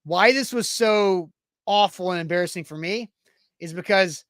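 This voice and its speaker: On his live sports podcast, a chatty host reads sponsor ads between casual talk. He has a high, clear, resonant voice that is a bit bright, speaking at a normal speed in a dry recording with clean studio sound.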